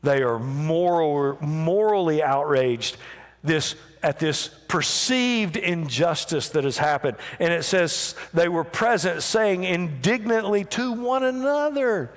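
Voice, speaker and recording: A slow, deliberate man preaching from the pulpit, his voice sitting a little on the high side. He moves between hushed, almost whispered lines and raised, emphatic ones. The sound carries a long church reverb. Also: lively intonation. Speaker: pastor. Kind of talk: sermon. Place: church sanctuary.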